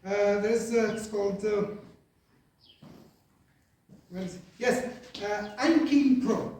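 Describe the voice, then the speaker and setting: A man's voice: high voice, darkish tone. Guy teaching english class, lots of uhs and right?, far off mic in a super echoey room. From Algeria. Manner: halting, many fillers, checks in with "right?". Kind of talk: classroom lesson.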